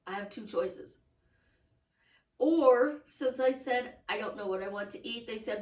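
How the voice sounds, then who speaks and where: A woman's voice: mid-range voice, a little slow, pauses often, roomy sound, distant mic, rough recording. A woman life coach talking casually, telling stories and acting out the quoted dialogue. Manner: animated storytelling, acts out quoted dialogue.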